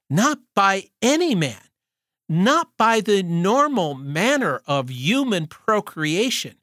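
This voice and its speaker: A man preaching a sermon. He reads scripture aloud in a measured way and stresses his points with rhetorical questions. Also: fairly high pitch, sharp tone, no echo, clean studio sound.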